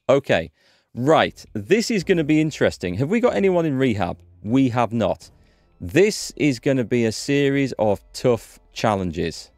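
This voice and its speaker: A man's voice: mid-range voice, darkish tone, no echo. A man hosting a gaming channel, chatting and thinking aloud as he plays. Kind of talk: let's-play commentary.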